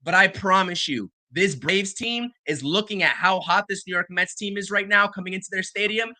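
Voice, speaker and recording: A man's voice: high voice, moderate pace, bright, forceful tone, no room sound. A man co-hosting a sports talk show, arguing his point emphatically. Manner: emphatic, argumentative. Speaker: podcast co-host.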